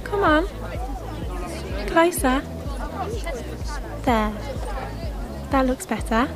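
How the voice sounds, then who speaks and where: A woman's voice: high-pitched, animated, drawn-out words, exaggerated voice. An actress playing a confident, teasing young woman in a radio drama. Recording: music and crowd behind.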